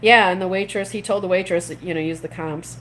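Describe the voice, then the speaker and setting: A woman's voice: fairly low pitch, fairly even intonation, fairly quick, fairly bright tone, a little hiss or hum. A middle-aged woman chatting casually, telling a rambling story full of restarts and laughing between phrases. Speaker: streamer chatting with viewers. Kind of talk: casual chat.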